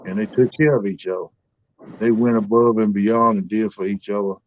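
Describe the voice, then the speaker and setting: A man's voice: fairly low pitch, fairly even intonation, fairly quick, lo-fi sound, slight background noise. A man hosting a livestream, telling family stories in a folksy, drawling way. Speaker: livestream host. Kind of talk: casual storytelling chat.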